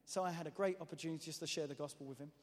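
A man shares his testimony from the front of a church hall, his voice sitting a little high and trailing off into a long reverb. He tells his story in an animated, self-mocking way, stumbling and restarting as he goes. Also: rapid-fire, husky. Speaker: preacher giving testimony.

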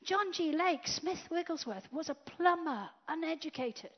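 High-voiced woman preaching with big swings. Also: animated, a little slow. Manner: dynamic, swinging from loud to hushed whispers. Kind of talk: sermon. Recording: dull lo-fi sound.

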